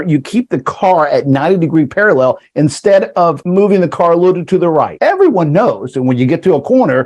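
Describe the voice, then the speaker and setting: Man, motivational speaker, lively up-and-down delivery, rhetorical questions to the crowd. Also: on the high side, low-quality recording. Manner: animated, quizzes the audience with rhetorical questions. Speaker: podcast host and leadership speaker. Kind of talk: motivational workshop talk.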